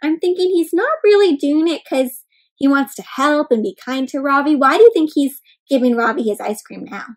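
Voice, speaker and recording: Casting: woman storyteller with a high voice, animated read-aloud for kids, full of gasps and questions to the children. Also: normal speed, poor audio. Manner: expressive, often gasps, asks kids questions.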